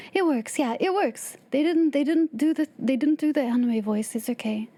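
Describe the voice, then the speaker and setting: A woman streamer chatting casually to her live audience, excitable and laughing often. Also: sits high, unhurried.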